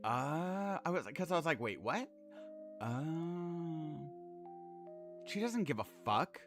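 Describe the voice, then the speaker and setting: Excitable man streaming a game. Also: a little high, takes it slowly, music in the background. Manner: excitable, swears freely, earnest when praising others. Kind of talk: casual gameplay commentary.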